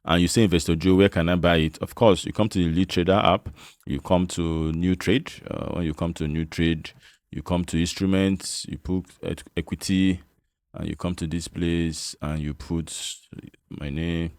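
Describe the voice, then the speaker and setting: A Nigerian man with a very deep, low voice talks through a casual tutorial. His delivery is chatty and coaxing, checking in with his listeners again and again. The sound is close and dry, with no room echo. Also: fairly even intonation, moderate pace, a little mellow. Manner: chatty, repeats "you understand?", coaxing. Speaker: investment channel host. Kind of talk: casual screen-share finance tutorial.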